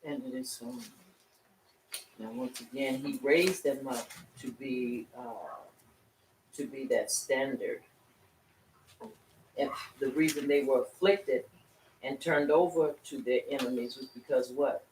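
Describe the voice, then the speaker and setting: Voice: mid-range voice, slow pace, pauses often, darkish tone, slight background noise. A teacher preaching a Shabbat class to a congregation, talking in a loose conversational way with rhetorical questions that draw answers from the room. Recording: echoey room, distant mic, faint ambience.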